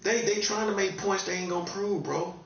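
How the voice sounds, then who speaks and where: A man's voice: sits high, fairly even intonation, brisk, creaky, a bit bright. A man from North Carolina with a Southern accent, talking in a casual, laid-back, repetitive monologue with a warning tone. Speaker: online commentator. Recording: distant, echoey, dull lo-fi room sound.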